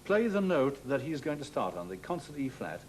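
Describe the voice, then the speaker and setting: A man's voice: mid-range voice, big pitch swings, normal speed, darkish tone, a little hiss or hum. A man teaching a clarinet masterclass, giving courteous, precise coaching. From England. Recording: old worn television transfer with music.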